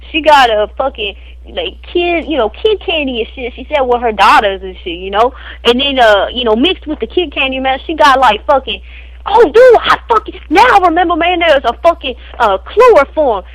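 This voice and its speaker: A woman's voice: sits high, fairly bright tone, no echo, low-quality recording. A woman voicing a crude, boastful street guy in an improvised comedy spoof, who rambles in slang and tacks "man" and "fool" onto every phrase.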